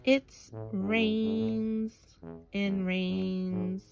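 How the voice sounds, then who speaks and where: A woman reading a children's bedtime story aloud in a slow, gentle manner. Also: mid-range voice, level tone, music in the background, rough recording. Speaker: storybook reader.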